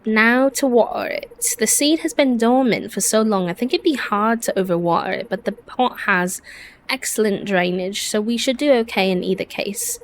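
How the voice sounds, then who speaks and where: A woman voicing an earnest young female villager in a deliberately bad English accent, reading the lines playfully. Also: medium pitch, slight background noise, close to an everyday voice. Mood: thoughtful. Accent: put-on bad English accent.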